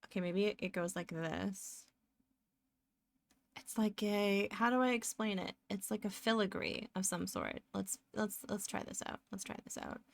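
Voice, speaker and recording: A woman's voice: medium pitch, steady tone, a little slow, gravelly, no echo. A woman live streaming as she draws, chatting casually and rambling as she narrates her work and often laughs. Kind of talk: casual chat while drawing live.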